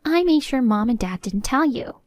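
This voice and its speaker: A woman's voice: sits high, expressive, normal speed, a little mellow, no echo. A woman voicing a smug scheming younger sister. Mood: smug taunting. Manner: smug, mocking.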